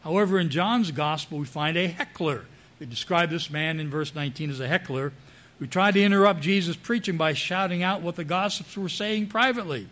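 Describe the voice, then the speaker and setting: A man's voice: on the high side, brisk, fairly bright tone. Man preaching through scripture verses. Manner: reads scripture aloud and comments between verses. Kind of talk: sermon.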